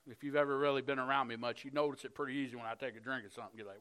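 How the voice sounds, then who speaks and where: A middle-aged man preaching a sermon, telling a personal story earnestly, moving between hushed moments and fired-up passages. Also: medium pitch, steady tone, very fast, smooth.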